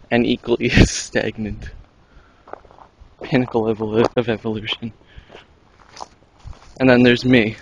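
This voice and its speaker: A man's voice: mid-range voice, flat delivery, moderate pace, long pauses, dull audio. A young man vlogging with dry, joking commentary while walking outdoors at an orchard, on a handheld camera mic. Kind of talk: casual outdoor vlog.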